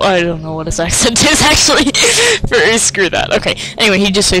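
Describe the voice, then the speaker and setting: A man giving let's play commentary, excitable and self-mocking, with sing-song taunts. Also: high-pitched, normal speed, over music, low-quality recording. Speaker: gamer.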